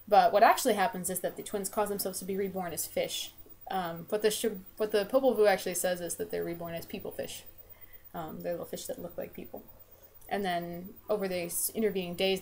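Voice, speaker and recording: A woman's voice: fairly low pitch, a little mellow, a little hiss or hum. A woman vlogger retelling a story in a chatty, casual way, with lots of fillers and "they're like.". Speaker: vlogger and game developer.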